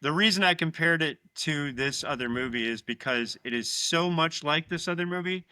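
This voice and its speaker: A man's voice: a little high, normal speed, sharp tone, clean tone, dry recording. A man co-hosting a casual podcast, animatedly retelling film scenes and swearing freely. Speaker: podcast co-host.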